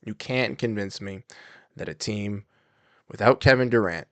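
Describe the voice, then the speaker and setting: A man hosting a sports livestream, ranting heatedly and swinging between loud outbursts and muttered exasperation. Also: lowish voice, unhurried, no echo. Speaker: sports podcast host. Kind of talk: livestream rant.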